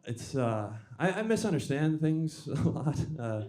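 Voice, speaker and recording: Hesitant, mellow-voiced male stand-up comic. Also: a little high, sing-song, a little slow. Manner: dry, hesitant delivery with many restarts and self-deprecating jokes. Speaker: stand-up comedian. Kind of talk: stand-up comedy set. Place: comedy club stage.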